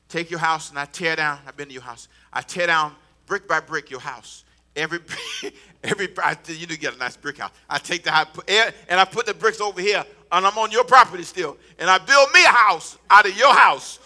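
A man in his fifties preaches in a high, piercingly bright voice. He calls out to his congregation for answers and builds into forceful exhortation. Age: 50s. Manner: call-and-response preaching, rising to emphatic exhortation. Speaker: pastor. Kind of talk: sermon. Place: church before a congregation.

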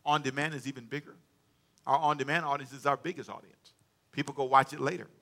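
Bright-voiced man preaching with call-and-response. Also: mid-range voice, fairly even intonation, fast, vocal fry. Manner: call-and-response preaching, dramatic swings in volume. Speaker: pastor. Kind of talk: sermon. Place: church sanctuary with congregation.

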